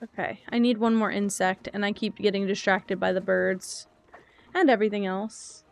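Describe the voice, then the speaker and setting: Woman streamer, casual and chatty, mid-pitch, wanders between topics while she plays. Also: steady tone, normal speed, gravelly. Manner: rambling, chatty, reads chat aloud. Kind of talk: casual gaming stream chat.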